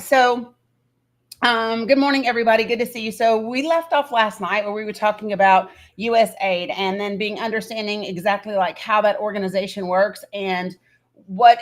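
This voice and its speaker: A woman's voice: mid-range voice, fairly bright tone. A woman in her thirties hosting a casual livestream, greeting viewers by name and setting ground rules. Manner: greets viewers one by one, talks to her kids off-mic. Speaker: livestream host.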